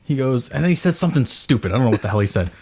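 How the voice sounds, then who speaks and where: A podcast host in his thirties talks rapid-fire in a mid-range voice while telling a story in casual chat. Animated throughout, he acts out his own yelling in quotes.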